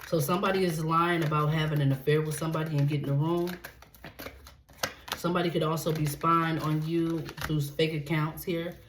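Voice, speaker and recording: A woman with a voice that sits low moves fairly quickly through a tarot reading. She's foul-mouthed and direct, and nearly every point ends with "okay?" Steady noise hums in the background of the echoey room.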